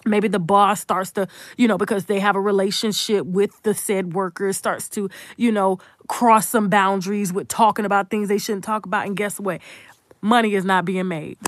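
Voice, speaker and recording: A woman giving heated, profane live commentary, hammering points with repetition and shifting between hushed asides and loud outbursts. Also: fairly even intonation, moderate pace, few pauses, no echo. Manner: rises into high, loud outbursts; drops to hushed, whispered asides.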